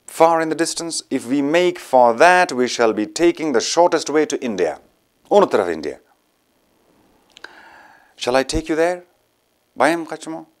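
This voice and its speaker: A man's voice: mid-range voice, sing-song, unhurried, pitched above the performer's own voice. A man with an Afghan accent reading the part of a frightened, superstitious young woman on the run, in an earnest, pleading way. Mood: eager. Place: studio.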